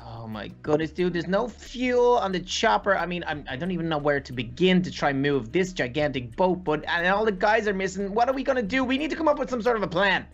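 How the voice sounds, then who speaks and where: A woman playing a Minecraft role-play, talking in an excitable, rambling way. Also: lowish voice, a little fast, hardly any pauses, muffled recording. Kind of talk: dramatic in-character chat.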